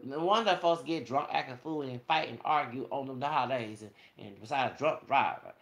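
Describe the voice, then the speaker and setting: Male vlogger, gravelly, lectures his audience in a cussing, sermon-like rant. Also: mid-range voice, moderate pace, a bit bright, echoey room. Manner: preachy, profane, addresses viewers as y'all. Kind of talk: ranting monologue to viewers.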